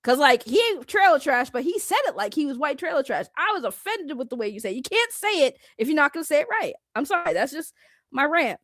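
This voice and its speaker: A woman giving casual reaction commentary, animated and blunt, laughing often with slangy talk. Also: high-pitched, quick pace, no echo, studio quality. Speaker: reaction streamer.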